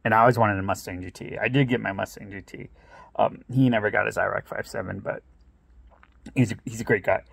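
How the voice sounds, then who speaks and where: Laughing middle-aged man with gravelly voice. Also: on the low side, steady tone, brisk, fairly bright tone, dry recording. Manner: laughs often, acts out quotes in raised voice. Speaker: vlogger telling stories. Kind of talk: casual storytelling.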